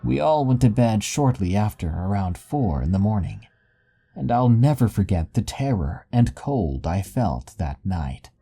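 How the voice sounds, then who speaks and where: Male horror storyteller, dark mellow tone, steady dramatic delivery. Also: fairly low pitch, measured pace, vocal fry, husky. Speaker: narrator. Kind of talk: scripted horror story narration.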